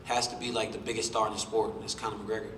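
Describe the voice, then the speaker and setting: A man's voice: fairly low pitch, little pitch movement, racing, background noise. A man in his thirties answering questions at a press conference, boastful and joking as he trash-talks his rivals. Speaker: champion fighter at a press conference. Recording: roomy hall, voice from a distance.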